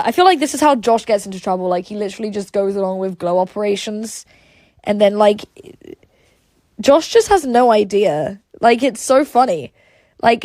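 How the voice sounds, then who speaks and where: A woman's voice: medium pitch, mellow, no room sound. A woman hosting a casual livestream, reading chat aloud and rambling with lots of "like" and "um" fillers.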